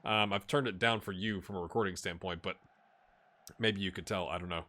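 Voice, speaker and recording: Excitable man commentating a football game. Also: sits low, fairly quick. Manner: excitable, jokey play-by-play with shouted celebrations. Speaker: gaming YouTuber. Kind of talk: let's play commentary.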